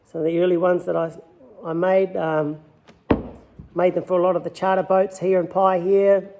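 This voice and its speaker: A man with a New Zealand accent speaks in a fairly high voice. He tells his story of learning his craft in an easygoing, rambling interview style, circling back and restarting as he goes. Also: flat delivery, normal speed, narrow, tinny audio, slight background noise. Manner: easygoing, rambling anecdotal telling. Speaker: lure maker.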